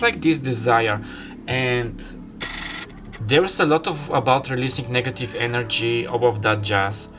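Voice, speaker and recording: Bright-voiced man rambling through a tarot reading. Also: medium pitch. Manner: rambling, filler-heavy, says "like" constantly. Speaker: tarot reader. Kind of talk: casual tarot reading monologue. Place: room with an open window.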